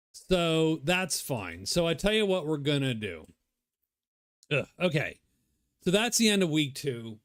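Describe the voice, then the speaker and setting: A man's voice: on the high side, no room sound, clean studio sound. A man thinking aloud as he plays a solo board game, rambling and muttering to himself. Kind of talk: casual solo playthrough commentary.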